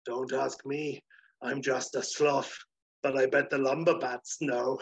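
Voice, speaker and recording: A man voicing a sleepy, slow-drawling male tree sloth with stuffy formality in a spoken story. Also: medium pitch, flat delivery, breathy edge. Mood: mocking drawl. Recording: dull lo-fi recording.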